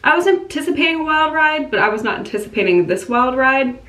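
A woman's voice: high voice, animated, fast talker, fairly bright tone. A young woman in her twenties chatting in a casual vlog, bubbly and gushing, with lots of "like" fillers, filmed on a phone at home, in a car and in stores. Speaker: vlogger.

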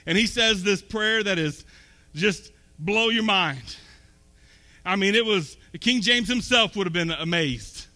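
High, bright-voiced preacher man in a reverberant hall. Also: lively intonation, a little slow. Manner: conversational preaching, building to emphatic peaks. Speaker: pastor. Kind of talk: sermon. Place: church sanctuary.

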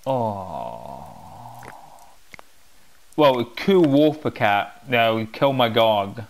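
Excitable man narrating his gameplay. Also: medium pitch, gravelly. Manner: chatty and excitable, talking to himself as he plays; loose, halting non-native English phrasing. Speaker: gaming channel host. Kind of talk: gameplay walkthrough commentary.

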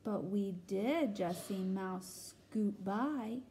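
A woman voicing a flock of little storybook birds in a chirpy, drawn-out way. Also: medium pitch, warm tone, slight background noise.

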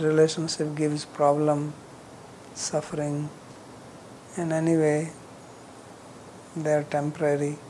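A man teaching scripture, reciting verses in Sanskrit before explaining them in plain, measured English. His phrases often trail off softly, and he restarts sentences as he works through an idea. A faint, steady noise sits under the recording. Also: on the high side, rough recording. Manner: drops softer at phrase ends, with frequent restarts.

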